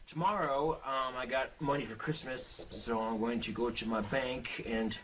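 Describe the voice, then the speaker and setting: A man's voice: medium pitch, steady tone, moderate pace, background noise. A young man talking casually into a webcam, rambling and blunt, swearing often. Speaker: vlogger.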